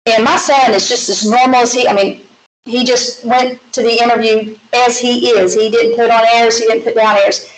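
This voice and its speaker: A woman with a Southern US accent teaching a math lecture, walking through problems step by step with chatty, folksy asides. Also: medium pitch. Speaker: math instructor. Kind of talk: recorded classroom lecture. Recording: echoey classroom with faint hiss.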